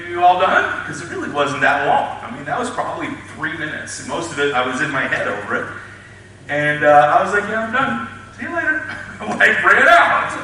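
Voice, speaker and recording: A middle-aged man, a chiropractor, speaking to an audience and telling patient stories with lively, acted-out moments and frequent laughs. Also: fairly high pitch, far from the mic. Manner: animated storyteller, acts out scenes, laughs often. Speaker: chiropractor giving a talk. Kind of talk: storytelling talk to an audience. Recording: echoey hall, speaker off mic, faint noise.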